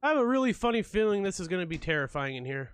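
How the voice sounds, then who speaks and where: A man's voice: high-pitched, very animated, very fast, clear, resonant tone. A man commentating a horror game as he plays, jumpy and swearing a lot, joking through his fear. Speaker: let's play gamer.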